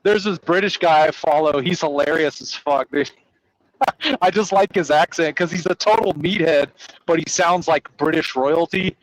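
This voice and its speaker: A man hosting a casual podcast chat, talking in an animated, rambling, profane way. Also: on the high side, moderate pace, dry recording, rough recording. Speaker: host.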